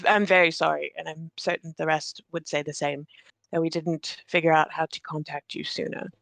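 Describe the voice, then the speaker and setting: A formal, apologetic male guide, voiced by a player at the table. He speaks courteously with a gravelly edge. The sound is dry and close. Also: mid-range voice, little pitch movement, moderate pace, fairly bright tone, no room sound.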